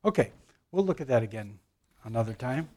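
A man teaching a Bible class, telling jokes to older listeners in a halting manner full of fillers and restarts. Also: mid-range voice, very animated, dark tone. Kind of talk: joke-telling Bible lesson.

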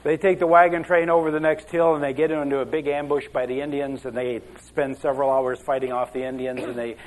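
A man's voice: mid-range voice, flat delivery, fairly quick, poor audio. A man telling jokes as a pastor at the start of a sermon, in a folksy, rambling way, chuckling at his own stories.

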